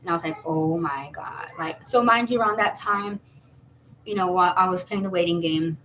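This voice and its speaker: A woman's voice: moderate pace, sharp tone, a little hiss or hum, low-quality recording. A woman in her thirties telling a personal story casually, rambling with fillers and restarts. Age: 30s. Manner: acts out quoted voices with high jumps. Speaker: vlogger.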